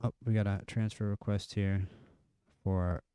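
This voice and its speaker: A man's voice: on the low side, a little slow, smooth, dry recording, studio quality. Chatty man streaming a football game. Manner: chatty, excitable at near misses and goals. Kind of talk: live gameplay commentary.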